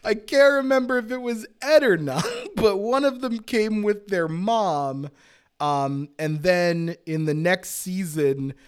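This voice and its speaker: A man co-hosting a podcast in casual chat, launching into excitable, laughing rants with plenty of swearing. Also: high-pitched, slow pace, clear, resonant tone. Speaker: podcast co-host.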